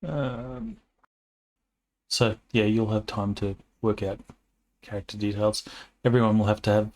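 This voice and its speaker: A man acting as game master, talking through plans casually with his players. His voice sits on the low side, and he speaks in a relaxed way with hesitant pauses. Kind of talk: casual tabletop session chat.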